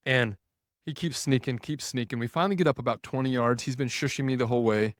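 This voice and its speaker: A man, a podcast guest, telling a story in a casual, animated way, full of "like" and scenes he acts out. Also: mid-range voice, fast, no room sound, studio quality. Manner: animated, retells scenes with quoted dialogue and filler "like".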